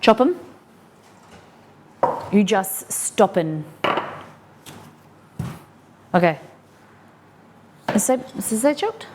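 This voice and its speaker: An Australian woman cooks live in her home kitchen, chatting away to herself and to the food as she goes. She talks casually and breaks into excited squeals now and then. A faint background hum sits under her voice. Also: mid-range voice, slow. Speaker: cooking live-streamer. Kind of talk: casual live-stream cooking chat.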